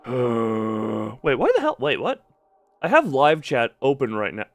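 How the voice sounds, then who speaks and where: A man's voice: medium pitch, wildly swooping pitch, measured pace, vocal fry, no echo, soft background music. A young man streaming a game, chatting casually in a rambling, jokey way and tripping over his words. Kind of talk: casual live-stream chat while gaming.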